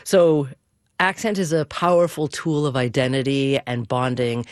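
A radio host from the US West Coast, leading an interview with easy questions and segues. the voice is at a middle pitch. it is recorded close and dry, with no room sound. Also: level tone, normal speed, no echo. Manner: conversational, leads with questions and segues.

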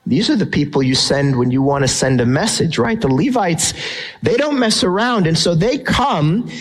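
A male pastor delivering a sermon with emphatic conviction. His voice sits a little higher than most men's, and he slows right down to stress the words that matter. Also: expressive, rough recording. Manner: emphatic, builds tension, slows down for key phrases.

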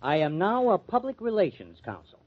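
An actor playing a glib, fast-talking press agent in a 1940s radio drama. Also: male voice, high-pitched, huge pitch swings, exaggerated voice. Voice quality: glib, coaxing. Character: breezy, fast-talking male press agent, young adult. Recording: muffled old radio recording.

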